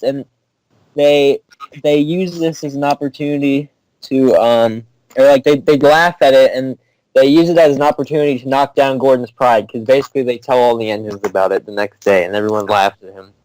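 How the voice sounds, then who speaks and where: A man's voice: medium pitch, normal speed, a little mellow, no echo, poor audio. A man retelling a story plot in a casual, rambling way, correcting himself as he goes. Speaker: pitching a story idea.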